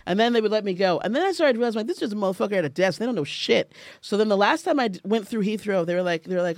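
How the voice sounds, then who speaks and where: Fast-talking, profane American woman. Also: mid-range voice, animated, no room sound, studio quality. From United States. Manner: blunt and profane, fast storytelling. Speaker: podcast host. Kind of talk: casual chat.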